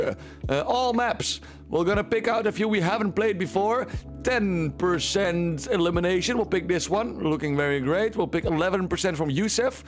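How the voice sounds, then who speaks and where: Dutch male streamer, casual playful commentary, high voice, light music bed. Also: lively intonation, normal speed. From Netherlands. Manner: chatty, playful, repeats himself.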